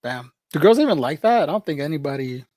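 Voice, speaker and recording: A man's voice: on the high side, sing-song, quick pace, darkish tone, dry recording, clean studio sound. A man livestreaming in a casual, rambling chat, joking with viewers, laughing often and calling people "bro".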